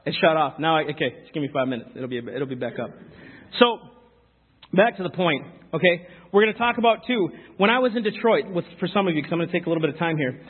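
A man's voice: fairly high pitch, expressive, fast, slightly rough. A young man giving an informal, chatty speech to a live audience, telling stories earnestly and with emphasis. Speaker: speaker addressing a youth audience. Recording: tinny phone-like sound.

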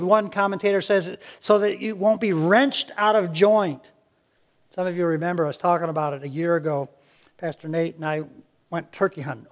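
High-voiced earnest male pastor. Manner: earnest, conversational, many restarts and acted-out quotes. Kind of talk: sermon.

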